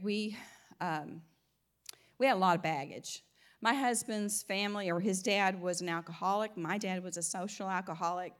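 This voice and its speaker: A woman's voice: mid-range voice, fairly bright tone. A woman with a slight Southern US twang giving an informal Christian teaching, chatty, restarting her phrases and laughing often. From American South. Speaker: Christian speaker.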